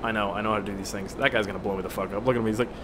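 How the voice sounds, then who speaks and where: A man's voice: lowish voice, steady tone, racing, background noise. A young man doing casual, profane gameplay commentary, rambling and joking as he plays. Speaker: gaming channel host.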